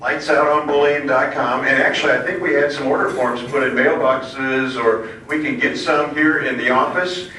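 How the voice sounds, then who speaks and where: A man's voice: mid-range voice, fairly even intonation, normal speed, few pauses, bright, forceful tone. School staffer, male, casual announcement, mid voice, distant in a noisy, echoey hall. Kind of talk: announcement to students. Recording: echoey room from far off, noisy.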